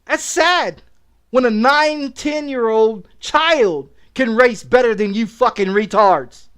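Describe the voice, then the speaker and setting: A man's voice: very high-pitched, slow, fairly bright tone, clean tone. A middle-aged man streaming games, ranting angrily and repeating himself, full of profanity. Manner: profane, aggressive, repetitive ranting. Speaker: game streamer. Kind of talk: angry streaming rant.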